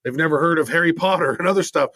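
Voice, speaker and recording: Chatting casually on his podcast, this co-host wanders from point to point in a relaxed way and plays around with silly put-on voices. He talks rapid-fire in a high-sitting, slightly bright voice, recorded dry.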